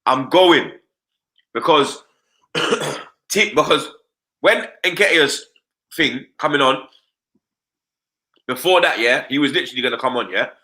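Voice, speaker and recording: A man rants about football on a live stream, his voice very bright and ringing, pitched a bit high. He fills every thought with street slang and keeps asking "you understand?". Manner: animated slangy rant, repeats "blood" and "you understand". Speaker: football fan pundit.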